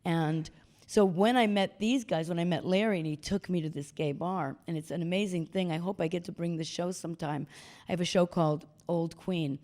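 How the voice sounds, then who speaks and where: Older woman telling lively stories. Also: on the low side, brisk. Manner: animated storyteller acting out quoted voices. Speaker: guest speaker. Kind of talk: storytelling talk. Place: stage talk before an audience.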